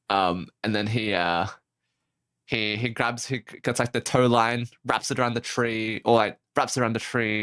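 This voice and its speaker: A man's voice: mid-range voice, fairly bright tone. Rambling, laughing streamer guy. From Australia. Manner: rambling, laughing, swearing, restarts. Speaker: VTuber streamer. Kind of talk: casual storytelling on stream.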